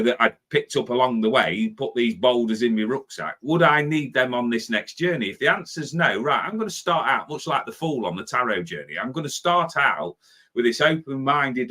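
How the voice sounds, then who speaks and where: A man in his fifties gives a motivational talk as a spiritual life coach. His voice is bright and forward, and he breaks into impatient inner monologues as he talks. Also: mid-range voice. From Britain. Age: 50s. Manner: animated, acts out his own impatient inner voice.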